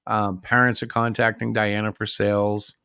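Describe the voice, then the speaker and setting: Animated, opinionated man chatting. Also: fairly low pitch, moderate pace, smooth, no room sound. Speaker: indie comic creator co-hosting a livestream. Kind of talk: casual chat.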